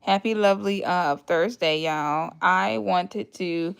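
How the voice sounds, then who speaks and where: A woman's voice: lowish voice, slow pace, vocal fry, clear, resonant tone. A woman, hosting a casual livestream, chatting with viewers, laughing often and acting out what people told her. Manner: retells conversations in put-on voices. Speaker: livestream host.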